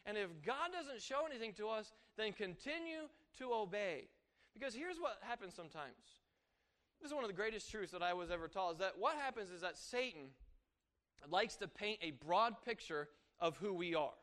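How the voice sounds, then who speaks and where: A man delivers a sermon with a high, light voice. His delivery is animated, rising for emphasis and dropping low and quiet to drive a point home, and he slips into quoted voices as he teaches. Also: normal speed. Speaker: preacher.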